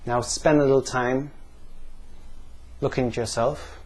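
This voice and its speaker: A man leading listeners through a guided pain-visualization exercise, asking slow, calm questions with pauses. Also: mid-range voice. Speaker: NLP practitioner.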